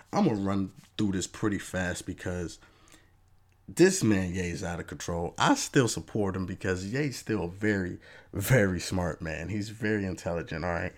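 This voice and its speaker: A man hosting a podcast, talking through his take in a casual, animated monologue with lots of "you know" asides. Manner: animated, acts out fans' voices in a raised pitch. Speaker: podcast host.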